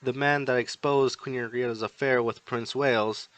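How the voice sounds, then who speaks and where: A man's voice: medium pitch, steady tone, moderate pace, fairly bright tone, dry recording, lightly acted. Guy reading as a proud young noble girl mage, fiery and indignant, dry sound. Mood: tense.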